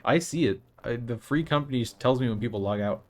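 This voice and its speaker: A man's voice: medium pitch, quick pace. A young man chatting casually on a live stream while playing a game, rambling and opinionated, with frequent restarts.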